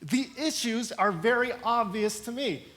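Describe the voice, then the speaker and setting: A man's voice: very high-pitched, lively intonation, a little slow, a bit bright, voice pushed up, full character voice. A man voicing a ruthless, commanding male president during a sermon retelling. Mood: stern.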